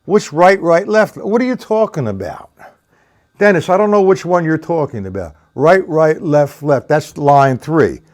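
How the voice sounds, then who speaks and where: A man's voice: on the high side, lively intonation, a little slow, darkish tone. A man teaching drums on a live stream, chatting with viewers by name and counting rhythms aloud as he demonstrates. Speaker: drum teacher. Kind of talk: live-streamed lesson, answering chat.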